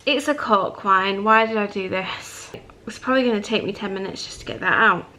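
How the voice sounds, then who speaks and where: A young woman vlogging at home in a chatty, excitable way, then giving a calm advice chat. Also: mid-range voice, a little fast, a little hiss or hum. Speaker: lifestyle vlogger. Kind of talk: casual vlog narration. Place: cosy home living room.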